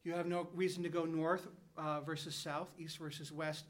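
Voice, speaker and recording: Higher-voiced man, measured explaining. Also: little pitch movement. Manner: measured, reasoning aloud with examples. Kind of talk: conversational philosophical explanation.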